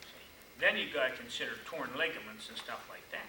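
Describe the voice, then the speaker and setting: A man's voice: mid-range voice, a little fast. Older man lecturing in an echoey room. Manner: folksy, animated anecdotes with acted-out quotes. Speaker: chiropractic lecturer. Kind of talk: storytelling seminar lecture. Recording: echoey room, far mic, noisy.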